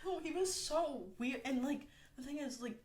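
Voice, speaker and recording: A woman's voice: high voice, normal speed, noisy background. A young woman hosting a podcast, telling a story in a casual, exasperated way and saying "like" a lot. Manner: chatty, exasperated storytelling with frequent "like". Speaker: podcast host. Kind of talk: casual chat.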